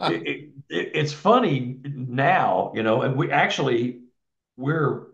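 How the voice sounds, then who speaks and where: A man's voice: mid-range voice, animated, slow pace, vocal fry, fairly bright tone. A man telling a long personal story in a rambling, casual way, with many restarts and repeated words. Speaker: guest telling his experiences. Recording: echoey, dull lo-fi sound.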